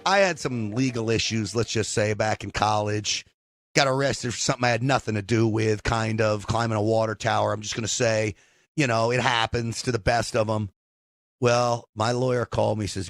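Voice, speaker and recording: A man hosting a call-in talk radio show, joking, bragging and riffing with animated asides into a studio mic. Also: fairly low pitch, normal speed, dry recording. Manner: jokey, boastful, animated asides.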